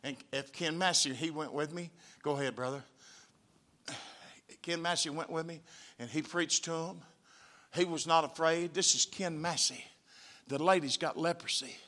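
Folksy preacher man, bright-voiced. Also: a little high, normal speed, long pauses. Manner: folksy storytelling, preacherly emphasis. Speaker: missionary preacher. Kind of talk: testimony sermon with slideshow. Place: church sanctuary.

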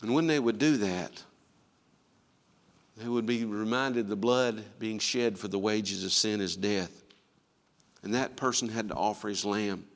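A man preaching a sermon, emphatic and full of rhetorical questions, shifting between quiet and loud passages. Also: mid-range voice, in a large hall.

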